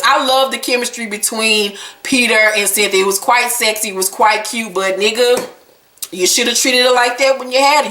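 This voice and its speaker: A woman vlogger recapping a reality episode in casual, profane, animated storytelling. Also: a little high, reverberant, slight background noise. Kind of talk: casual chat.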